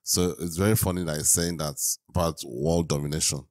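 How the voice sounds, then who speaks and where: A man's voice: extremely low pitch, fairly even intonation, brisk, a little mellow. A man hosting a reaction video, talking casually and exclaiming often while repeating himself.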